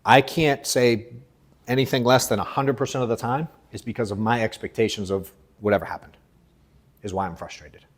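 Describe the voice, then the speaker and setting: A man in his thirties running a live sales coaching session, blunt and profane, moving between forceful emphasis and low, quiet asides. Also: a little fast.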